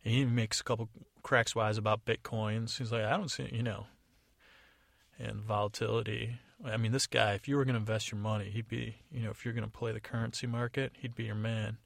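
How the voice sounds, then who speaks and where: A man's voice: on the low side, level tone, a little fast, vocal fry, no echo. Man, from the US, improvised casual storytelling, rambling, digressive, dry close sound. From United States. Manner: rambling, digressive, many fillers. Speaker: podcast storyteller.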